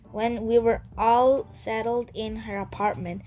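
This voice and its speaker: A woman reading a children's book aloud in steady storytelling narration. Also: a little high, a little slow, soft background music, low-quality recording. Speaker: reader.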